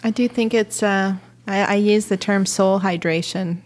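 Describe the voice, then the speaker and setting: A woman with an ordinary mid-range pitch talks about faith at a moderate pace. Her storytelling is lively, full of energy and laughter.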